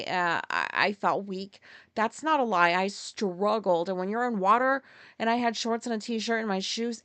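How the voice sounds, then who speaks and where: A woman's voice: medium pitch, fairly bright tone, dry recording. A woman hosting a podcast, telling a story in a candid, profane way and often laughing at herself. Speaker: podcast host. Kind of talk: casual solo storytelling.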